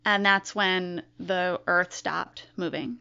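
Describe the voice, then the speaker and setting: A woman telling a personal story as an interview guest, reflective and deliberate. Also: on the low side, fairly even intonation, creaky, bright, forceful tone, clean tone. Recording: dull lo-fi recording.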